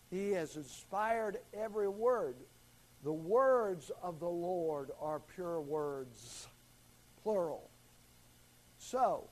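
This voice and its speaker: High-voiced man teaching a Bible class. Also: a little mellow, low-quality recording. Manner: calls on students, repeats and stresses key words. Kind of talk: classroom Bible lesson with questions.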